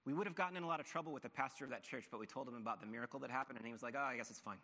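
A man preaches to his congregation, spinning a personal story with energy and acting out each voice. His tone is bright and forceful, and the sound rolls around a large hall with a long, trailing reverb. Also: medium pitch, racing. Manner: animated storyteller, acts out voices. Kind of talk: sermon storytelling.

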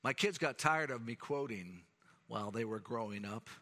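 A man's voice: medium pitch, expressive, normal speed, pushed and bright. A middle-aged man preaching a sermon in an earnest, emphatic way. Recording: long reverb of a large hall.

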